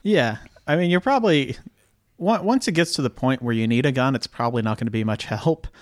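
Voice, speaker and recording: A man hosting a podcast in casual chat, rambling and halting with many restarts. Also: mid-range voice, expressive, dry recording, studio quality. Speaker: podcast host. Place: New York apartment.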